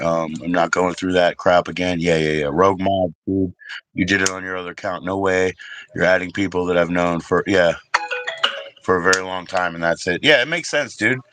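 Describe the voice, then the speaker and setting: A man's voice: low-pitched, bright, forceful tone, a little hiss or hum, poor audio. A middle-aged man with a casual, rambling and profane way of talking, hosting his own livestream and chatting with viewers. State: briefly emotional, teary. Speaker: livestream host.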